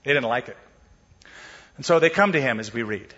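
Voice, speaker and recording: A man's voice: medium pitch, lively intonation, brisk, a bit bright, breathy edge, in a large hall, muffled recording. A man preaching a sermon, explaining scripture in a casual storytelling way and acting out the quotes. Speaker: pastor.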